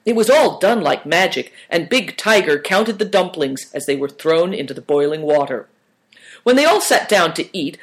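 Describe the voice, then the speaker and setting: An audiobook narrator reading a children's adventure story aloud in a calm, even manner. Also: mid-range voice.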